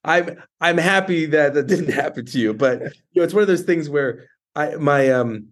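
A man's voice: fairly high pitch, normal speed. A man hosting an interview podcast, telling a personal story in a casual way with many restarts. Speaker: podcast host.

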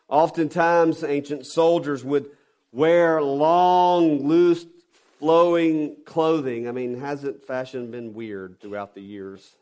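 Emphatic preaching man, higher voice. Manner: emphatic preaching with rhetorical questions; swings between loud stresses and quiet drops. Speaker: pastor. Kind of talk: sermon.

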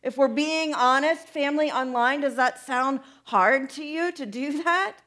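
A woman's voice: high-pitched, measured pace, fairly bright tone. A woman preacher giving a conversational sermon, asking her listeners many questions.

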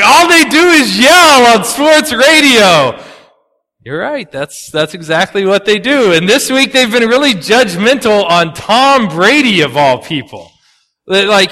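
A man preaching a sermon as pastor, conversational and animated, swinging between loud punchy asides and quiet earnest drops. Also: high voice, big-room sound. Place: church sanctuary.

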